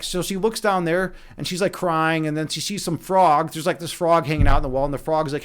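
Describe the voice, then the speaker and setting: A man with a notably high voice, hosting a live stream in a loose, rambling way. He swears a lot and keeps tossing "right?" to his viewers. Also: brisk, fairly bright tone. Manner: rambling, profane, often asks "right?". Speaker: streamer, chess instructor and meditation guide. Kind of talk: casual live-stream chat.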